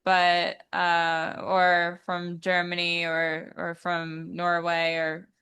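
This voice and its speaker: Slow, smooth-voiced woman guest. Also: lowish voice, completely flat delivery, bright, forceful tone. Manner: thoughtful, hesitant with many fillers. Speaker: guest singer. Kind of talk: casual interview chat.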